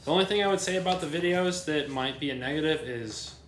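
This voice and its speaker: A man's voice: on the high side, quick pace, roomy sound, slight background noise. A man co-hosting a casual podcast, chatty and self-deprecating, often asking naive questions. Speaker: podcast co-host.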